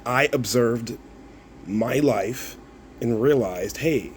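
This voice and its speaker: Guy ranting back at comments, mid-pitched, scoffing and profane, laughs a lot, faint hum behind. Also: expressive, moderate pace. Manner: mocking, laughs often, swears, repeats himself. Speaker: content creator replying to comments. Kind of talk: casual video rant.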